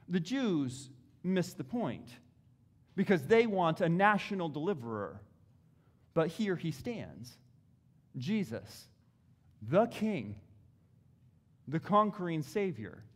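A man preaching an expository sermon, reading scripture dramatically with emphatic bursts and slow pauses. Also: on the high side, long reverb tail.

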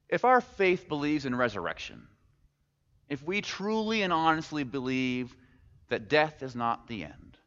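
A male pastor gives a sermon in a relaxed, conversational tone, asking the congregation question after question and dropping in plainspoken humor. His voice rings through a large reverberant church hall. The recording sounds muffled and a little dull. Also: mid-range voice.

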